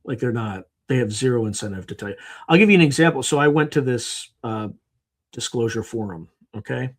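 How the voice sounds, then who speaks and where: Animated storytelling male guest. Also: medium pitch, fairly quick. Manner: animated storyteller who acts out quotes. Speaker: podcast guest. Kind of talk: conversational interview.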